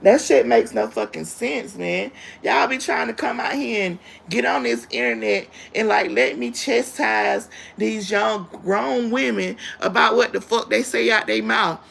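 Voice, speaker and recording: A woman rants on her own livestream, blunt, confrontational and full of profanity. Her voice sits high and sounds bright and edgy, with a gravelly fry running through it. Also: unhurried, hardly any pauses. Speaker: livestream host. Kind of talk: ranting live-stream commentary.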